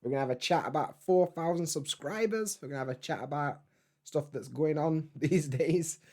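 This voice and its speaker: A man's voice: fairly high pitch, normal speed, a little mellow. A man, hosting a casual live stream from home, rambling in a laid-back way, swearing freely and answering chat.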